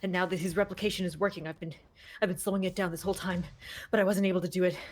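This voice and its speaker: A frantic little scientist who stutters and rushes, as a woman game master puts him on. His lines spill out fast and broken. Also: lowish voice, steady tone, a little hiss or hum, natural voice. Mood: flustered. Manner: stammering, frantic. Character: panicked small male scientist.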